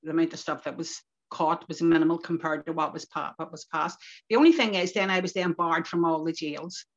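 Low-voiced and fairly quick, an older Northern Irish woman reminisces as an interviewee, a community activist spinning lively anecdotes with local phrasing. The mood is relaxed and reflective, and the podcast recording is lo-fi and dull.

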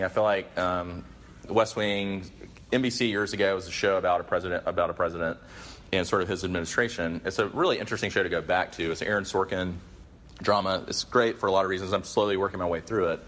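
A man's voice: low voice, fairly even intonation, a little fast, a bit bright. A man giving a conversational sermon and a prayer to a gathering in a room, earnest and casual, with many fillers and restarts.

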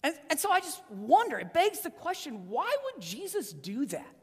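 A high-pitched preacher with a very lively, rising-and-falling delivery gives an animated sermon. The voice swings from loud emphasis to hushed, deep-set lines. A long reverb from a large hall hangs behind every word. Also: normal speed.

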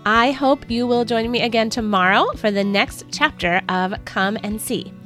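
A woman's voice: fairly high pitch, normal speed, a bit bright, faint music behind. Earnest woman reading a devotional story. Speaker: podcast host reading her devotional book. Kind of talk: scripted first-person story narration.

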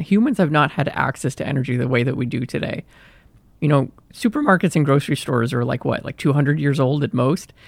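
A man's voice: fairly high pitch, gravelly, dry recording. A young man hosting a solo podcast, talking casually and self-deprecatingly and acting out his own inner voice. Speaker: podcast host.

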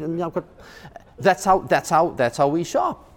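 A male pastor preaching a sermon in a church, animated, often repeating words and acting out quotes. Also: a little high, moderate pace, long reverb tail.

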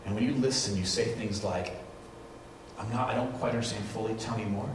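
A man preaching to a congregation, telling lively stories and acting out the voices of the people in them. He sounds far from the mic in a big echoey hall, with steady background noise. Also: fairly low pitch, fairly quick. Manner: animated storytelling, acts out quotes. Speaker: pastor. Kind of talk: sermon with live demonstration.

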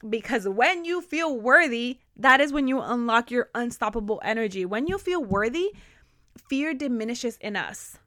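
An energetic woman hosts a motivational podcast with a slightly high voice. She leans hard on repeated words and keeps her delivery emphatic. The recording is close and dry. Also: normal speed, no room sound. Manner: energetic, enthusiastic, emphatic repetition. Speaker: podcast host.

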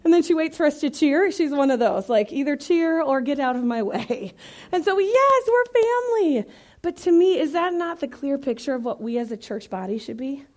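A woman with a bright, high voice delivers a sermon to a church congregation, talking to the room in a chatty, joking way. She leans hard on her key words and keeps the energy up throughout. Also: a little fast, hardly any pauses. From Iowa. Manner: lively, conversational, joking, emphatic. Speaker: guest preacher.

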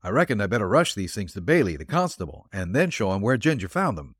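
A man's voice: fairly low pitch, sing-song, quick pace, fairly bright tone, slightly rough, no room sound, studio quality, full character voice. A man voicing a shifty, glib rural hunter with a folksy backwoods drawl, read for a storybook. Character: shifty rustic hunter, middle-aged man.

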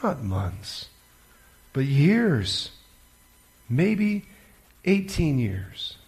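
A preacher voicing a gentle, joyful elderly nun in a retold story, speaking softly and simply. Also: male voice, medium pitch, big pitch swings, drawn-out words, exaggerated voice.

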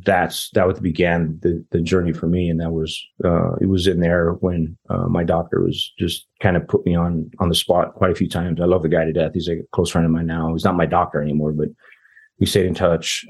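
A man's voice: sits low, level tone, moderate pace, creaky, a little mellow, slightly rough. A man, a guest telling a personal story in casual, rambling talk, often quoting other people. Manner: rambling, quotes others in dialogue. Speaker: interview guest.

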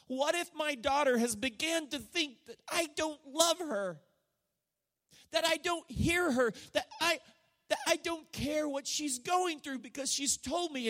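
A middle-aged pastor preaching with a high, bright-edged male voice. He tells a personal story with feeling, rising to loud declarations and dropping to near-hushed passages. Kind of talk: sermon.

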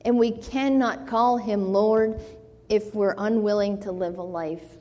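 Woman preacher, mellow and unhurried, in a church with long reverb. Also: medium pitch, fairly even intonation. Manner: slow earnest preaching, rising to pleading in quoted scripture. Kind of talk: sermon.

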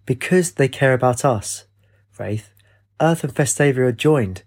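A man's voice: mid-range voice, lively intonation, measured pace. A man reading an urgent male captain pleading for help in a storybook.

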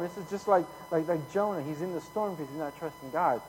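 A man preaching a casual, conversational sermon full of slang, growing louder when he reads scripture. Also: a little high, quick pace, soft background music. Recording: hall reverb, faint hum.

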